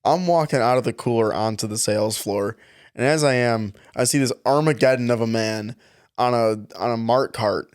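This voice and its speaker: A man's voice: medium pitch, moderate pace, clear, resonant tone, no room sound, clean studio sound. A young man co-hosting a podcast, telling retail work stories in casual chat, laughing often and acting out customers. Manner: laughing, animated, acts out customers' voices. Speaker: podcast co-host.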